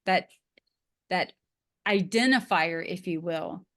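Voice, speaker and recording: A woman's voice: lowish voice, takes it slowly, fairly bright tone. Chatty Southern woman host. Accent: Southern American. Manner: chatty storyteller, amused. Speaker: podcast host. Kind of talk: casual interview chat.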